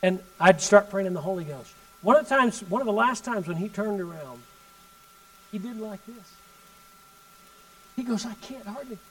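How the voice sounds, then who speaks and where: A male preacher tells his story in a sermon. His voice sits fairly high, and he swings between loud emphatic bursts and hushed asides. The mic is some distance from him. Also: lively intonation, normal speed, pauses often.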